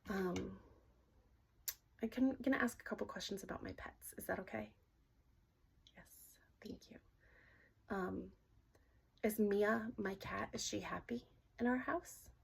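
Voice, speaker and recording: A middle-aged woman gently asking questions aloud in a casual session, hesitant and often dropping to a whisper. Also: mid-range voice, vocal fry, breathy edge. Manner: soft-spoken, halting, often drops to a whisper. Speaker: dowsing-rod reader.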